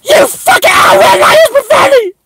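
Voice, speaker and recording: A man's voice: animated, moderate pace, heavy background noise. A man doing a stammering zealot preacher. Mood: shouting. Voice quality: stammering, repeating words. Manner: rambling, indignant, breaks into high shouts. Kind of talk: satirical character monologue.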